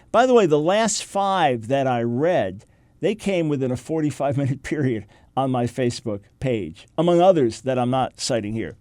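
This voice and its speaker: A middle-aged man hosting a talk show, reading quotes aloud and delivering a forceful list of points. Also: medium pitch, expressive, moderate pace, no echo, clean studio sound. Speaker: radio talk show host. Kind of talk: reading quotes and preaching on air.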